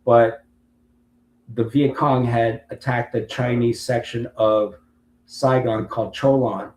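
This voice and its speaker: A man's voice: medium pitch, steady tone, slow, a little mellow. Storytelling man in a roomy space. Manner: long-winded storyteller who acts out other people's lines. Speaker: interview guest, Marine veteran. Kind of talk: casual storytelling interview. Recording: roomy with faint background hum.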